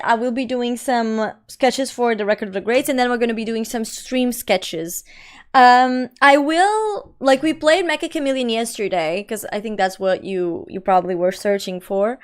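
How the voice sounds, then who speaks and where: A young woman hosts a live stream in casual, talkative chat, her voice sitting a little high. She reads her viewers' messages aloud and answers in quick, slangy bursts. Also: clear, resonant tone.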